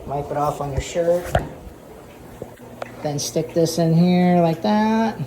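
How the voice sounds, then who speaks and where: A man's voice: fairly high pitch, slow pace, noisy background. A man hosting a casual home aquarium vlog, chatty and rambling, repeating himself and amused by his own jokes. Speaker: aquarium hobbyist channel host. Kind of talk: casual show-and-tell vlog.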